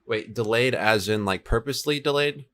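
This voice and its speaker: A young man with a medium-pitched, slightly bright voice talks at normal speed while coding a game server live. Relaxed and chatty, he answers viewers as he works from a home room with an air conditioner on, switching between two desk mics.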